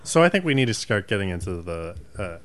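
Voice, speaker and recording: A man's voice: low voice, sing-song, fast talker, background noise. A man co-hosting a comedy podcast, riffing eagerly and playfully on a movie plot. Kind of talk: comedic brainstorming banter.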